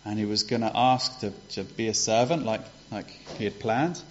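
A man's voice: lowish voice, moderate pace, a little hiss or hum. A man retelling a parable in a conversational way for a congregation, asking rhetorical questions, on a dull lo-fi recording. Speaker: preacher giving a children's talk.

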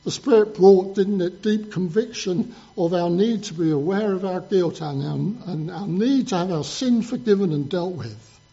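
Earnest preacher with a high, mellow voice. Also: male voice, normal speed, muffled recording. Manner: earnest, emphatic, building up lists. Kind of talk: sermon.

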